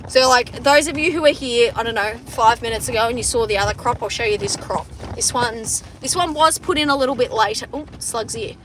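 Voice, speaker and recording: A young Australian woman chats on a phone livestream from inside a moving car, with faint road hum behind her. Her voice is bright and fairly high. She rambles and swears freely, and often restarts her sentences. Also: fairly quick, hardly any pauses. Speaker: farmer livestreaming to viewers. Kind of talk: casual livestream chat. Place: inside a car driving around a farm. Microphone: phone front camera.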